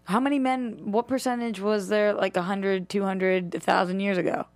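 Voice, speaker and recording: A woman's voice: mid-range voice, fairly even intonation, normal speed, dry recording. A woman guesting on a podcast in casual chat, blunt and teasing.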